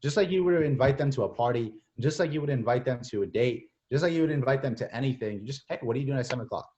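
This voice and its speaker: A young man giving casual, energetic coaching as a mentor, slipping into playful acted-out phone chats with lots of "like" and "bro". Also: medium pitch, rapid-fire. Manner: energetic, repeats "like" and "bro", acts out texts and calls. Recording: slightly dull lo-fi audio.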